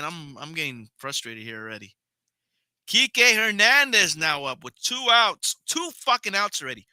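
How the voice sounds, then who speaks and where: A man's voice: a little high, sharp tone, no echo. A young man hosting a podcast, giving casual live play-by-play of a baseball game, chatting with viewers and swearing now and then. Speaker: podcast host and play-by-play caller.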